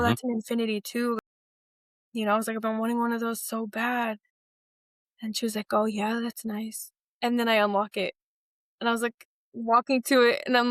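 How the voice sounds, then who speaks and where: Young woman guest chatting about her cars, bit high voice, dry close sound, acts out the voices. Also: no echo. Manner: animated, acts out quotes with laughs. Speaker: interview guest. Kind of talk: casual interview storytelling.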